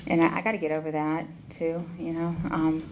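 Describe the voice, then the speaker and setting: A middle-aged woman with a Southern US accent giving a personal talk at a recovery meeting, halting, with many ums and restarts. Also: low voice, level tone, slight background noise, rough recording. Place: meeting hall.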